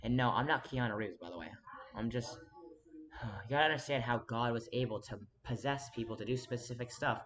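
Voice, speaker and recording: A man's voice: medium pitch, normal speed, a bit bright. A man in a rambling to-camera monologue, earnest and insistent, talking straight to the viewer and jumping between thoughts with restarts. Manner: rambling, restless, frequent restarts and sudden emphatic jumps. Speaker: vlogger.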